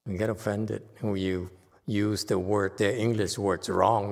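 Male teacher, informal lecture, teasing manner; slow pace, recorded with long reverb. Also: on the low side, level tone, creaky, darkish tone. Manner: chatty, teasing, with frequent "okay?" asides. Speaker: Buddhist teacher lecturing on a sutra.

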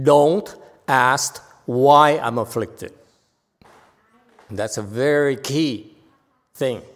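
Speaking in a large hall, a man with a slightly high voice delivers a dharma talk to his congregation. He teaches playfully, leaning on rhetorical questions and phrases he repeats.

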